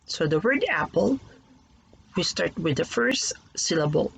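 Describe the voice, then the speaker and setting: A teacher leads a recorded lesson for young pupils at an unhurried pace. Each word is sounded out syllable by syllable, in a voice with a gravelly edge. A faint hiss sits under the recording. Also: medium pitch, expressive, a bit bright, low-quality recording. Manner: slow, careful, sounding out words syllable by syllable.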